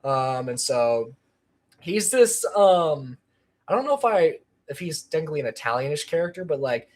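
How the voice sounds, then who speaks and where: A man's voice: fairly high pitch, very animated, moderate pace. A man chatting on a casual livestream about his channel, rambling with lots of ums and restarts. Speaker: channel creator.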